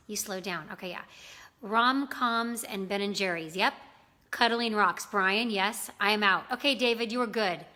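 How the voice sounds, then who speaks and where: A woman's voice: fairly high pitch, bright, forceful tone. A woman hosting a casual live stream, chatting with viewers, greeting them by name and talking with many fillers. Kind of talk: casual live-stream chat reading comments.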